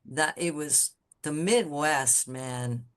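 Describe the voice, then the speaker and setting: Woman, low voice, podcast guest, candid storyteller, blunt, animated. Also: takes it slowly, smooth. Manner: blunt, candid, swears freely; animated storyteller who acts out quoted people. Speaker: podcast guest, graphic designer. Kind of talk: casual storytelling interview.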